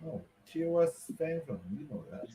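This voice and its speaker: A man's voice: fairly high pitch, very animated, normal speed, warm tone, breathy edge. An American man in casual chat, brash and argumentative, swearing freely. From United States.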